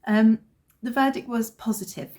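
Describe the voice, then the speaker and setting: A woman's voice: on the high side, steady tone, moderate pace, darkish tone. A woman in her thirties, a vlogger chatting casually and telling a family story with self-deprecating humour. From England. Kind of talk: casual chat.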